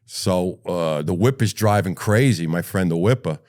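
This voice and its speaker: An older man with a New York accent telling a rough, profane story as a retired firefighter in an interview. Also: deep voice, moderate pace. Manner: blunt, profane, lively retelling.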